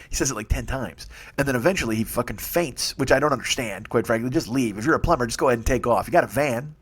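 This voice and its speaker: Fast-talking, profane man ranting solo. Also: medium pitch, lively intonation, fairly bright tone. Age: 40s. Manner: profane, rambling rant. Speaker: podcast host. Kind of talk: solo comedy monologue. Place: home studio. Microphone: studio mic with earbuds.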